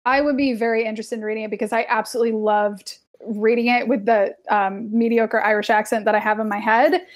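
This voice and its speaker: Young woman podcast co-host, casual, filler-heavy, a bit high-pitched. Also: fairly even intonation, a little fast, hardly any pauses. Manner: chatty, heavy on filler words, laughs often. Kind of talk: casual chat.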